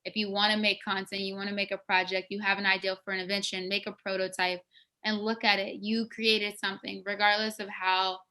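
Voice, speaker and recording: A woman's voice: mid-range voice, flat delivery, a little fast, sharp tone. A woman actress from West Africa, telling stories from her career in a casual, enthusiastic interview. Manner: enthusiastic, storytelling, restarts often.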